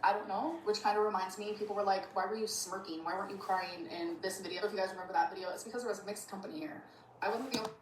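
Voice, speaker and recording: A woman talks straight to the camera in a casual vlog, emotional and defensive, with a mid-range voice. The sound bounces around the room, and steady background noise runs under her words. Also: medium pitch, rapid-fire, echoey room, low-quality recording. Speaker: vlogger.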